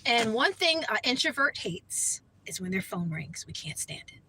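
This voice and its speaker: Bright-voiced woman chatting casually. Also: fairly high pitch, big pitch swings, moderate pace, a little hiss or hum, rough recording. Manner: rambling, chatty, heavy on fillers like "you know". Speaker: vlogger. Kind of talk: casual vlog chat.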